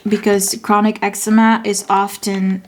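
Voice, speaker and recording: A native Dutch speaker with a Dutch accent vlogs in a level, mid-range voice at a measured pace, with a little hiss or hum in the audio. She chats casually while setting up her journal, thinking aloud and correcting herself as she goes.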